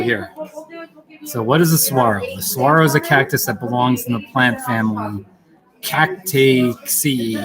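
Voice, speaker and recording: Casual guy livestreaming from a crowded cafe, mid pitch, lots of chatter behind him. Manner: chatty and playful, reads questions aloud. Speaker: livestream host. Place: busy coffee shop, indoors. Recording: noisy coffee shop crowd. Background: loud crowd chatter.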